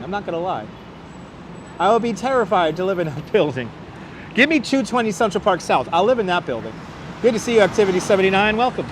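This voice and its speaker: A chatty man with a New York accent leads a live walking tour, greeting his viewers by name in a fairly high voice. He is recorded outdoors on a wireless clip-on mic, with faint street traffic humming behind him. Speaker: livestream walking-tour host. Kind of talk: casual live-stream chat with viewers. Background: faint city traffic.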